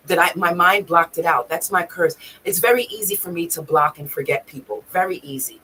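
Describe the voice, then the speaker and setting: A woman's voice: fairly low pitch, brisk, hardly any pauses, pushed and bright, slight background noise, rough recording. A woman vlogging, telling a personal story in a raw, emotional way, swearing freely and near tears at times. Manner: raw, profane, tearful at times.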